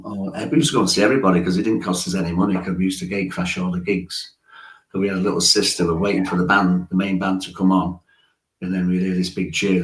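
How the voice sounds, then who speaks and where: Deep-voiced man in his sixties. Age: 60s. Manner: chatty storyteller, chuckles often. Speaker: musician guest. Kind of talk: casual interview chat. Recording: roomy echo.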